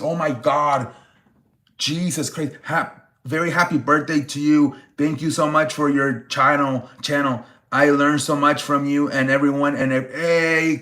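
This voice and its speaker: Excitable man in an echoey room. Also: on the high side. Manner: excitable, swears, exclaims "holy frijoles" over donations. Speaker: livestream sports show host. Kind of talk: casual live-stream sports chat.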